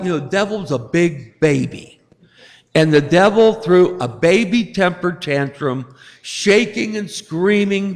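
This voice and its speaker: A male pastor giving a sermon, telling stories and acting out voices with rising emphasis. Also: on the high side. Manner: storytelling preacher, acts out voices with rising emphasis. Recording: long hall reverb.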